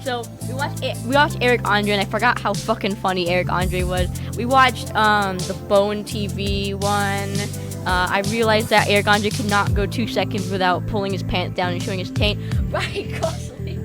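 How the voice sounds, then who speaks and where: A woman's voice: medium pitch, fairly even intonation, normal speed. A young woman from the United States, a VTuber streamer, chatting casually in a rambling, profane way and laughing often. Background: background music.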